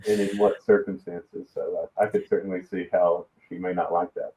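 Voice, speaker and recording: A man from the American South with a Southern accent, a podcast guest speaking in a measured, hesitant way with many pauses. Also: low-pitched, little pitch movement, dark tone, recorded from a distance, slight background noise. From Alabama, US South. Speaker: guest, risk management executive. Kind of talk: casual podcast conversation. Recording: tinny phone-like line in an echoey room.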